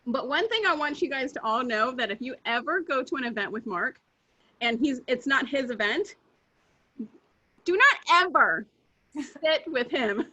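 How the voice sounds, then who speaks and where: A woman co-hosting a morning talk show, telling stories in a lively, animated way and acting out the quotes. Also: sits high, normal speed, long pauses, highs cut off. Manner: animated storyteller, laughs often, acts out quotes. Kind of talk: casual chat.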